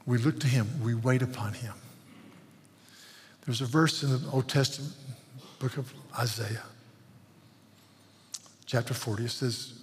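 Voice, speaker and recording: A man's voice: medium pitch, takes it slowly, pauses often, slight background noise. A man preaching a sermon as pastor, earnest and pleading, often repeating words as he builds. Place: church sanctuary. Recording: long hall reverb.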